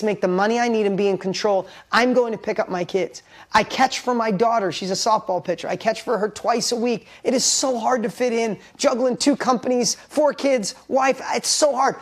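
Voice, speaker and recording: A middle-aged man and business owner giving an emotional motivational talk, intense and heartfelt, blunt with casual swearing. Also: high-pitched. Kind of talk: emotional personal storytelling.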